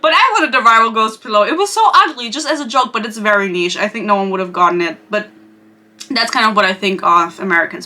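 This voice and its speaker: A woman's voice: mid-range voice, quick pace, pushed and bright. A young woman from Europe hosting a podcast, chatting in a gossipy, rambling way full of asides. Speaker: podcast host. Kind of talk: casual chat.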